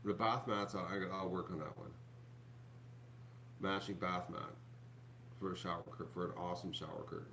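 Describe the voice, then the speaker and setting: A man's voice: deep voice, fairly even intonation, moderate pace, vocal fry, pauses often, fairly bright tone, a little hiss or hum. A man, hosting a casual vlog, rambling to his viewers with lots of fillers and restarts. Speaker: YouTube channel host.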